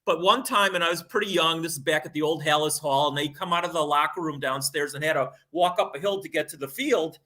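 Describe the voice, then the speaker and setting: Bright, animated sports guy. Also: fairly high pitch, fast talker, few pauses. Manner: animated, laughing storyteller. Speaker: sports talk show co-host. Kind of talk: casual chat.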